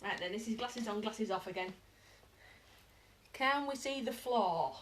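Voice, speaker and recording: A British woman giving a casual live dog-training lesson at home, chatting to viewers and breaking into high-pitched praise for her dog. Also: unhurried, a little hiss or hum. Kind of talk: live-streamed training demo.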